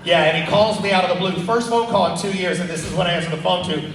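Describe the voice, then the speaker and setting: A man performing a fast, animated stand-up comedy set on a club stage, with loud punchlines. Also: high-pitched, slight background noise. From Texas. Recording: echoey club from far off. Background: audience laughter.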